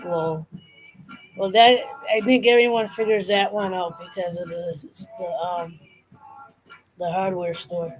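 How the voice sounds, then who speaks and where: A woman with a Boston accent in casual chat, rambling and animated as she imitates accents. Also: lowish voice, measured pace, slightly rough, soft background music, low-quality recording. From Boston area, Massachusetts. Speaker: streamer, co-host.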